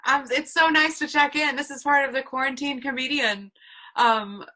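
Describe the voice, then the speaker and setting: A young woman hosting a casual podcast chat, playful and quick to laugh. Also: high-pitched, steady tone, bright, forceful tone. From North Carolina. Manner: giggly, playful. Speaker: podcast host.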